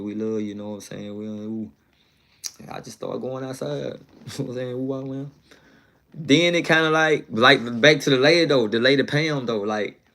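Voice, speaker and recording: A man's voice: lowish voice, a bit bright. Man telling a rambling story. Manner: slangy, rambling, fond of "you know what I'm saying". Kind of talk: casual storytelling.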